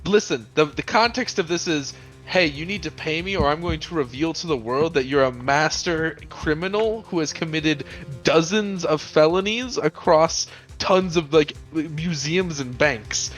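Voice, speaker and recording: A man's voice: a little high, measured pace, fairly bright tone, faint music behind. A young man co-hosting a live game stream, teasing his friends with exasperated jokes. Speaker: streamer co-host.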